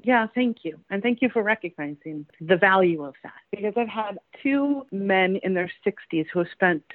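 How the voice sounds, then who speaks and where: A woman's voice: medium pitch, lively intonation, moderate pace, no echo. A woman guest on a podcast interview, chatty and enthusiastic, often laughing as she talks. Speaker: guest, candy company founder. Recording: tinny phone-line sound, dry.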